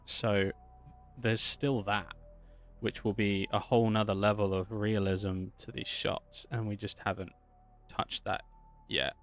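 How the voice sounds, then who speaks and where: A man's voice: fairly low pitch, level tone, unhurried, soft background music. A man chatting casually and upbeat as he streams his animation work, thinking aloud as he goes. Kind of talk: casual livestream talk while working.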